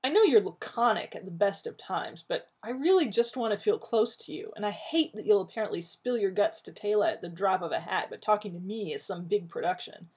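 A woman's voice: mid-range voice, animated, fairly quick, few pauses, a little mellow, slightly rough. A woman reading as a peevish, wordy male scientist. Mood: mock-sincere. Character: peevish, anxious male scientist, fast-talking.

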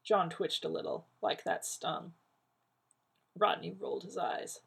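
A woman narrating a work of fiction at a steady, even pace in a husky, gravelly voice. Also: lowish voice, unhurried. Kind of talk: audiobook reading of fiction.

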